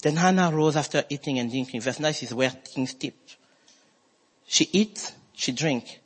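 A man preaching a sermon as pastor, emphatic and swinging his voice between high and low. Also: measured pace, breathy edge. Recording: long hall reverb.

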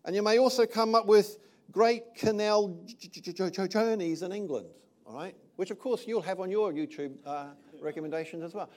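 A man's voice: high-pitched, brisk, a little mellow. An older man from New Zealand preaching a sermon in a conversational way, often checking in with the listeners. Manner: conversational, checks in with "all right?". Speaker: pastor.

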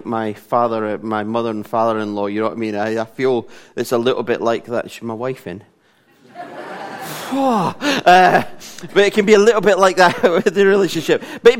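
A middle-aged man gives a casual sermon in a church. He preaches in a chatty, self-deprecating way and often breaks into laughter. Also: mid-range voice. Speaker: pastor.

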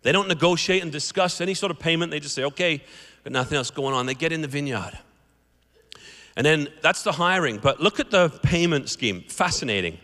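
A man preaching a sermon, his voice high and bright as he tells stories and acts out the characters. He speaks in a church sanctuary with a long, echoing reverb. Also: brisk. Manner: animated storytelling, acts out the characters. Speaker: guest preacher. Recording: echoey hall reverb.

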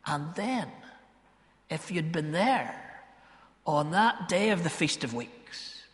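Northern Irish preacher in an echoing church. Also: male voice, a little high, very animated. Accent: Northern Irish, Ballymena. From Northern Ireland. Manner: storytelling, emphatic, drawn-out phrases. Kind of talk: sermon.

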